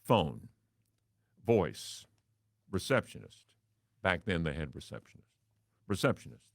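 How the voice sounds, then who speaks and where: A man with a baritone voice, hosting and telling a wry, theatrical story as a monologue. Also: sing-song, a little slow, creaky, long pauses, breathy edge, no echo, clean studio sound. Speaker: radio and TV host.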